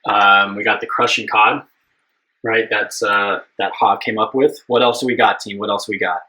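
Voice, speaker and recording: A man's voice: lowish voice, fairly even intonation, moderate pace, pushed and bright, poor audio. A young man hosting a live cooking stream, chatting casually and upbeat with his viewers, rambling with plenty of fillers.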